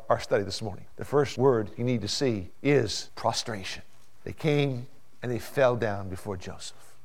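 A man preaching a sermon, building to loud peaks and dropping to hushed asides, often repeating words as he goes. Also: medium pitch. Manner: dramatic, swings from hushed to loud climaxes. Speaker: pastor.

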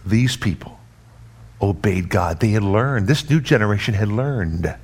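A man preaching a sermon in an emphatic, repetitive cadence, swinging between raised and hushed delivery. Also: on the low side, expressive, a little slow, breathy edge.

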